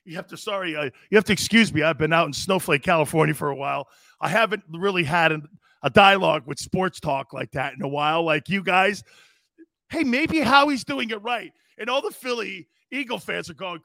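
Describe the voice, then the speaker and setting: Brash middle-aged male sports-talk host, high lively gravelly voice, bright and dry. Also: moderate pace. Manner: loud, animated, shouting and laughing, brash. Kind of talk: live sports talk show, reading chat comments.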